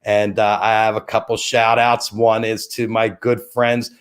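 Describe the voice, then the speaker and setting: A man's voice: lowish voice, flat delivery, a little slow, clear, resonant tone. A middle-aged man hosting a casual live stream, rambling as he thanks viewers by name and plugs sponsors. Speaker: host of a live-stream show.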